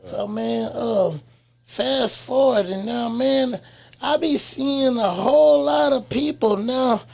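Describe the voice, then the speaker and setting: A man hosting a casual interview, easygoing and agreeable, backing up his guest with quick yeahs and telling his own stories. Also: extremely high pitch, gravelly.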